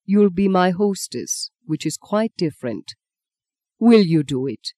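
A reader voicing Rain, a measured, wry German politician, in an audiobook. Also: expressive, no echo, studio quality, natural voice. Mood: calm. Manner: low, measured and soft-spoken. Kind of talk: audiobook character voice.

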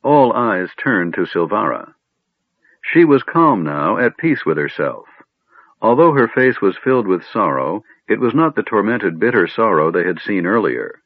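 A man narrating an audiobook in an expressive storytelling manner. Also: fairly low pitch, husky, no room sound. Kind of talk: scripted narration. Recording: tinny phone-like, dry.

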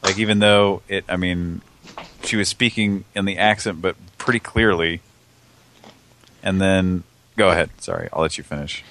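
A man's voice: sits low, normal speed, fairly bright tone, slight background noise. A man co-hosting a casual show over a voice call, laid-back and often laughing between jokes. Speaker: co-host.

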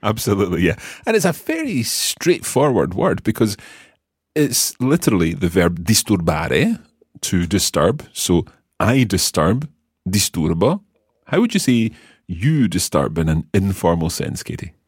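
Male tutor, very low husky voice, lively intonation, patient explainer. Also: a little slow, no echo, clean studio sound. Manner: patient, explains step by step and quizzes the learner. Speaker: language teacher. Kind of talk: explaining a language lesson.

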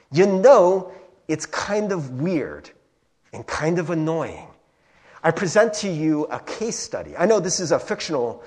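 A young man preaching a casual sermon as pastor, chatty and self-deprecating with lots of fillers. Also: fairly high pitch.

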